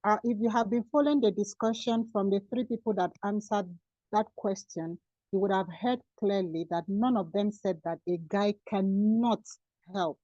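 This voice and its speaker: Woman on a call, dark mellow voice, dry dull audio, stressing her points. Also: medium pitch, normal speed, no echo. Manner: emphatic, explaining and repeating points. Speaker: panelist summing up a discussion. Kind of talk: online panel discussion.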